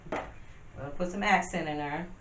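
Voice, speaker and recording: In a home video shot in her kitchen, a woman vlogger chats casually with viewers, calling them "y'all" as she cooks. Her voice is lowish and a little fast, and the recording sounds roomy, distant and noisy.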